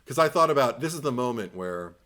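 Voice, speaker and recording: Animated man reviewing a movie. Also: medium pitch, a little fast. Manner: animated, swearing, acts out scenes. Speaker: podcast host. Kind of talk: casual film review chat.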